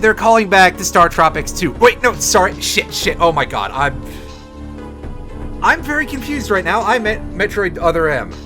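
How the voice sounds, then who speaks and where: Sarcastic swearing male game streamer. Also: high-pitched. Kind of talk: casual gameplay commentary. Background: game music.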